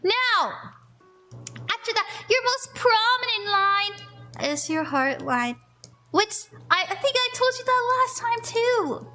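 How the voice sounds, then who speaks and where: A woman's voice: very high voice, expressive, slow pace, sharp tone, faint music behind. A tired woman streamer giving palm readings in casual chat, laughing often. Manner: giggly and sleepy, laughing often. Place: room with echo.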